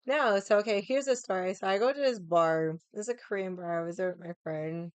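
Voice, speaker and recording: A woman's voice: mid-range voice, fairly quick, clean tone, no room sound. A young adult woman streamer chatting casually with her viewers, rambling and swearing often. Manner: rambling, swears a lot, many likes.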